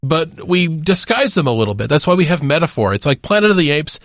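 A man co-hosting a podcast, thinking out loud in casual chat. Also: fairly high pitch, big pitch swings, brisk, no echo, clean studio sound. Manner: thoughtful, talks through ideas with fillers. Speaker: podcast co-host.

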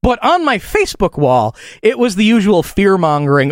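A man hosting a talk radio show, chatting casually and joking with quick asides. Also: sits high, huge pitch swings, no echo.

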